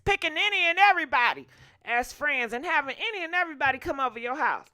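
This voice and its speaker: Sassy high-voiced woman gossip host. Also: animated, fast, bright, forceful tone, dry recording, studio quality. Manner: sassy, opinionated, talks straight to viewers. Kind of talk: casual gossip commentary.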